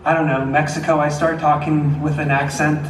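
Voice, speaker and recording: A man's voice: on the high side, little pitch movement, moderate pace, background noise. A young man with a slight Southern twang, a singer chatting between songs at a concert, rambling with lots of fillers. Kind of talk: concert stage talk. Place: concert venue. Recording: echoey venue from far off.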